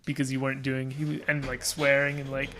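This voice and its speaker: A man's voice: medium pitch, monotone, quick pace, bright, forceful tone. A man casually telling a long story as a podcast guest, rambling with lots of "like" and restarts and laughing as he goes.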